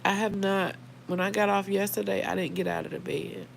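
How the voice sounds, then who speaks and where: A woman's voice: medium pitch, fairly even intonation, fairly quick, vocal fry, slight background noise, rough recording. A middle-aged woman, hosting a casual livestream, heartfelt and emotional, talking straight to her viewers by name. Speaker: livestream host.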